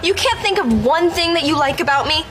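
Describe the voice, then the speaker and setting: An actress playing a flustered, upbeat teen girl in sitcom dialogue, expressive and easily exasperated. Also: sits high, a little fast, noisy background.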